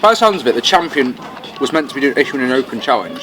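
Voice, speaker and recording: A podcast co-host, male, chats casually and swears offhandedly while eating, his medium-pitched voice very animated. He's recorded in a noisy, crowded fast-food restaurant with busy crowd chatter behind him.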